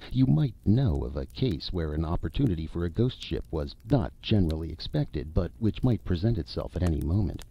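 A man's voice: low-pitched, big pitch swings, fairly quick, gravelly, hardly any pauses, slight background noise, exaggerated voice. A man voicing a polite but fretful male ghost in a story reading, eager and fussy in manner. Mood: earnest. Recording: dull lo-fi recording.

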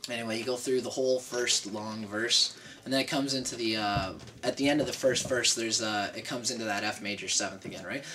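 A man's voice: mid-range voice, steady tone, fairly quick, sharp tone, slight background noise. A man giving a casual guitar lesson. He counts beats aloud, chats loosely and keeps checking in with "right?", with his own guitar playing under his speech. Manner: chatty and loose, tags explanations with "right?". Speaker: guitar teacher. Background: his own acoustic guitar playing.

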